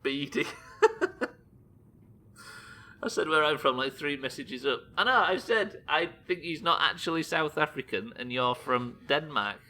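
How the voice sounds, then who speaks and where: A man's voice: a little high, expressive, a little slow, long pauses, pushed and bright. Sweary man streaming a game. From Britain. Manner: sweary, chatty, reading chat aloud. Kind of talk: live gameplay commentary.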